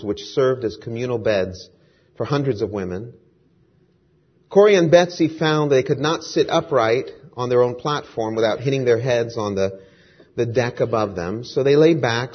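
A man's voice: mid-range voice, dull audio. A male pastor praying and then telling a story earnestly during a sermon.

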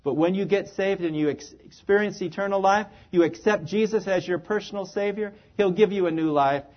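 Delivering a sermon briskly, a man speaks with earnest emphasis in a light, high voice, letting each phrase fade softly at its close. The recording comes across slightly dull and lo-fi.

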